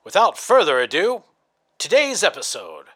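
A man's voice: fairly high pitch, huge pitch swings, normal speed, fairly bright tone. A man hosting an audio fiction show, reading a sponsor ad with dry, mock-horrified comedy. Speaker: podcast host.

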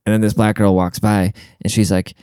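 In a dry, clean studio recording, a young man talks in a lowish, level, warm voice that is clear and resonant. He moves briskly through a casual, profane, sarcastic rant, rambling, checking things mid-talk and getting short of breath now and then.

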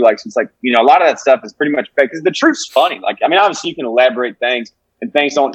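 A man's voice: mid-range voice, dry recording. A man in his twenties from Alabama, chatting casually as a comedian guest on a podcast, rambling with lots of likes and restarts. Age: 20s. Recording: dull dry lo-fi sound.

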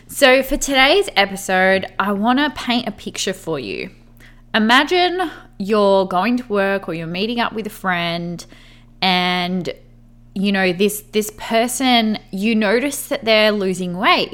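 A woman's voice: mid-range voice, fairly bright tone. A young woman hosting a casual solo podcast, upbeat and encouraging, talking in a chatty way with lots of "like" as filler. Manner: chatty, heavy use of "like" as filler. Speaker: podcast host.

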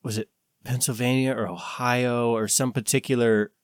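A man's voice: mid-range voice, flat delivery, normal speed, smooth, dry recording, clean studio sound. An American man co-hosting a casual podcast chat, rambling and searching for words with lots of fillers. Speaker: podcast co-host.

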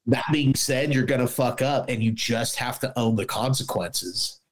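A man's voice: mid-range voice, moderate pace, poor audio. A middle-aged man, a former police officer, chatting casually on a podcast, bluntly and with lots of swearing, acting out both sides of conversations. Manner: blunt, profane storyteller, acts out dialogue.

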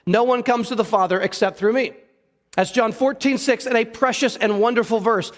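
A man's voice: very high voice, moderate pace, big-room sound. A man preaching a sermon in church, talking conversationally and putting questions to the congregation. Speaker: pastor. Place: church sanctuary.

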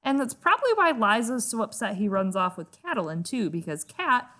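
A woman's voice: fairly high pitch, big pitch swings, a little fast, bright, forceful tone. Chatty woman podcast co-host. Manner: chatty, rambling, laughing often. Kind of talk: casual chat.

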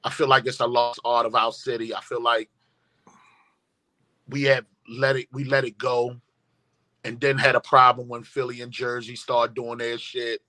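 Man, guest telling a story, emphatic and profane, forceful bright tone. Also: medium pitch, level tone, moderate pace. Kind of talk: storytelling in casual conversation.

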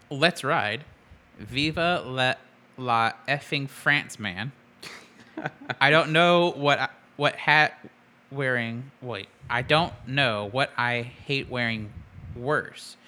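A man's voice: mid-range voice, pushed and bright. A man co-hosting a podcast in casual chat, playful and laughing often. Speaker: podcast co-host.

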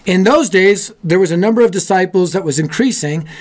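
A man hosting a youth ministry show, telling a story sermon in an animated, self-mocking way. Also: high-pitched, fairly quick. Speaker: youth ministry leader and host.

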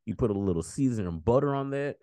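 A man's voice: mid-range voice, fast, no echo. An American man hosting a podcast, chatting casually and rambling through stories with laughs. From United States. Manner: rambling, animated storytelling with laughs. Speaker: podcast host. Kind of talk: casual chat.

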